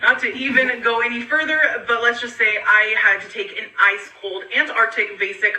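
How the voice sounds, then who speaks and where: A tired woman talking in a casual home vlog, rambling and halting with many ums. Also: on the high side, fairly even intonation, sharp tone, roomy sound, distant mic, poor audio. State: tired, low on energy. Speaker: vlogger in a clip being reacted to.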